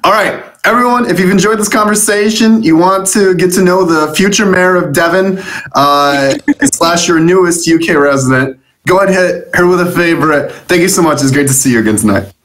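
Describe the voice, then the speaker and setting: A man hosting a casual live-stream interview, playful and quick to laugh at himself, with frequent fillers. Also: sits high, fairly bright tone. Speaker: show host.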